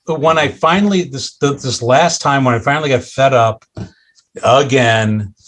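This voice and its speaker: A middle-aged man, a podcast guest, candidly telling stories about his own life with self-deprecating humor and animated delivery. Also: mid-range voice, normal speed. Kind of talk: candid interview storytelling.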